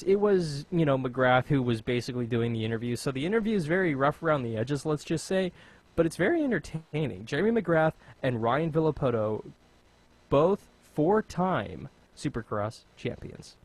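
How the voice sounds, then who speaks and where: A man's voice: fairly high pitch, lively intonation, moderate pace. A man with an American accent hosting a podcast, rambling and joking at his own expense in a casual chat. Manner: rambling, joking, self-mocking. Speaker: podcast host.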